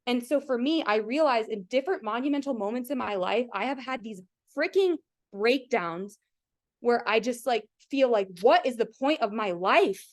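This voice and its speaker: Woman host, slightly high voice, motivational storyteller on a video call, heartfelt and chatty. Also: animated, moderate pace. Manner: emotional, earnest, heavy use of "like", addresses the audience directly. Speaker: team leader hosting a coaching call.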